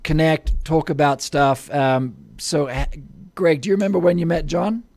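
Jokey Australian host, dry sound. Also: male voice, on the high side, steady tone, moderate pace, darkish tone, no echo. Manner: jokey, self-deprecating banter. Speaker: podcast host. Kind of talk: casual interview chat.

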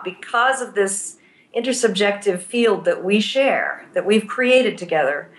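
A woman who is a therapist and teaches pastoral care explains her ideas thoughtfully in a conversational interview, walking through examples. Her voice is medium-pitched and a bit bright, with a roomy sound.

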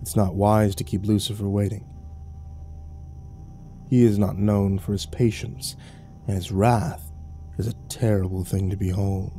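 Cast: cold, sneering fallen angel voiced by a man, low and dark-toned, for a horror storybook reading. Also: flat delivery, a little slow, long pauses, soft background music, close to an everyday voice. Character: sinister black-winged male fallen angel, mocking.

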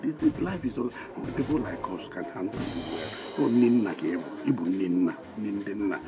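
A man's voice: on the low side, animated, normal speed, music in the background, natural voice. An actor playing a bossy Igbo father with a Nigerian Igbo accent, rambling and scolding as he switches between Igbo and English. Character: bossy blustering Igbo father, middle-aged man.

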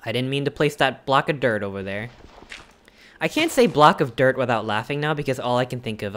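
A streamer chatting with viewers while playing a game live, thinking aloud in hesitant questions and gasping in excitement at each new find. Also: mid-range voice, brisk, slight background noise. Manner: excitable, gasping and exclaiming at discoveries.

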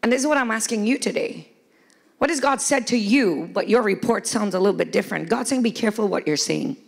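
High gravelly-voiced woman preaching a sermon. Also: brisk. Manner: preaching, often shouting, acts out quoted voices with humor. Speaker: pastor. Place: church hall before a congregation.

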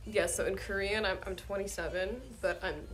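A woman's voice: medium pitch, steady tone, moderate pace, soft background music. A woman in her twenties from the United States, tired and sleepy, chatting casually with fans on a livestream. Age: 20s. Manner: soft-spoken, drifting, chatty with fans. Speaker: singer hosting a fan livestream.

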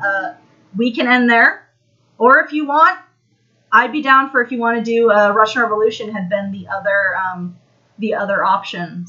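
A woman's voice: medium pitch, sharp tone, highs cut off. An American woman giving a casual, rambling history lesson on a live stream, full of fillers and restarts. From United States.

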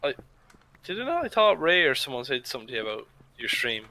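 Bright-voiced young man, teasing. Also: mid-range voice, very animated, fast talker, slight background noise, poor audio. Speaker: friend playing along. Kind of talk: casual gaming chat.

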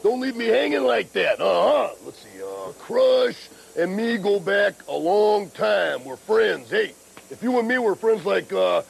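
A middle-aged man co-hosting a wrestling show, talking in a rambling, gravelly growl and a little out of breath. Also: high voice, expressive, a little slow, low-quality recording. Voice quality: gravelly, growling, keeps saying brother.

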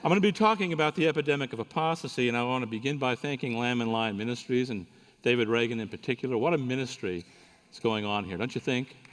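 A man's voice: mid-range voice, fast talker. A man giving a sermon at a conference, telling a folksy joking story to the audience. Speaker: conference speaker. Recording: reverberant hall recording.

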